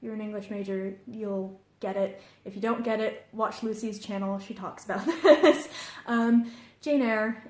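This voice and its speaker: A woman's voice: mid-range voice, unhurried. A young woman vlogging about books she loves, gushing and fangirling with frequent laughs. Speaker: book vlogger. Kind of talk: enthusiastic book recommendations. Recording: roomy indoor echo.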